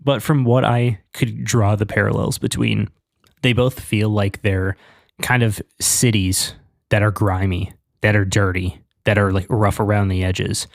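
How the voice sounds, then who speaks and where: A man with a low, gravelly voice chats eagerly as a podcast co-host, wandering through his thoughts with plenty of fillers. The sound is dry and close. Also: steady tone, a little slow, no room sound. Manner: enthusiastic, rambling with fillers. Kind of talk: casual chat.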